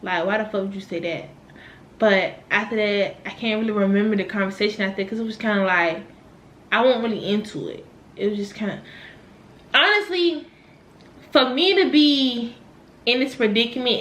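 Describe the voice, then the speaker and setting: A young woman from Virginia vlogging a casual story, animated, swearing and laughing as she talks. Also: mid-range voice, moderate pace, slight background noise. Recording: echoey room.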